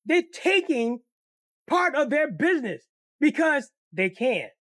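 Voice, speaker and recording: A man's voice: very high voice, slow pace, no echo, clean studio sound. A man telling a personal story in a casual storytime monologue, swearing freely and acting out the voices of the people in it. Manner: profane, animated, acts out the voices in the story. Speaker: storyteller, channel host.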